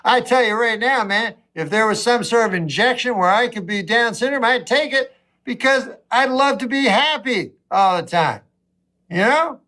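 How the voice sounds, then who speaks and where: A man, a comedian, telling stories in a halting, deadpan way, full of fillers and little asides. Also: very high voice. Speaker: comedian, talk show guest. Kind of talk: rambling anecdotal storytelling.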